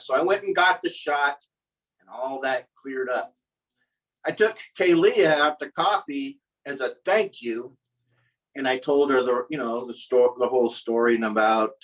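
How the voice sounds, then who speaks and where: A man's voice: mid-range voice, normal speed, a bit bright, recorded from a distance, low-quality recording. A man telling a comic personal story at a live storytelling event, wry and self-mocking.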